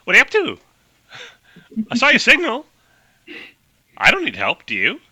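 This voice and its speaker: A breezy, folksy woman flier from another era, as a man puts her on. She talks fast and clipped, her voice bright and sharp, leaping up and down in pitch. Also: wildly swooping pitch, breathy edge, no echo, full character voice. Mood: friendly. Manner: fast clipped old-fashioned talk, folksy exclamations. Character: brisk chatty woman aviator, cheerful and folksy.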